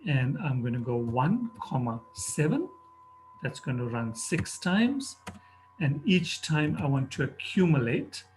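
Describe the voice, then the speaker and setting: A man's voice: mid-range voice, sing-song, unhurried, darkish tone, slight background noise. A man teaching a programming lesson, talking methodically through each step as he types. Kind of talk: screen-recorded coding tutorial. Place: at a computer, narrating over a screen recording.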